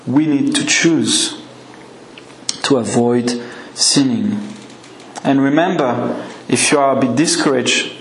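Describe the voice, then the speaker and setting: A man's voice: mid-range voice, echoey room, slight background noise, low-quality recording. A man with a French accent preaching an earnest, emphatic sermon. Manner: earnest, emphatic, slow and deliberate.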